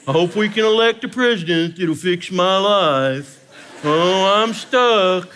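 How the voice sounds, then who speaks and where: A man doing a whiny grown man, sulking over his money woes in a slow, self-pitying drawl. He sounds sorry for himself, with a high, sharp tone. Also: slight background noise.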